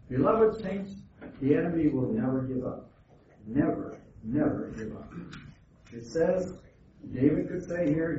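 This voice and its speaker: A man preaching a sermon, earnest and halting, often restarting his words. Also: mid-range voice, animated. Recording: echoey, distant, phone-like, noisy.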